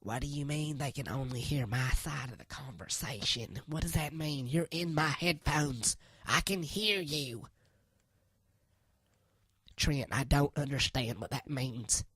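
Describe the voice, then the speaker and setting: A woman voicing a flustered, easily riled church lady in a comedy sketch, fumbling with the equipment, cursing and then apologizing in a husky voice. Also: very deep voice, a little slow, fairly bright tone, no echo, clean studio sound, heavily acted.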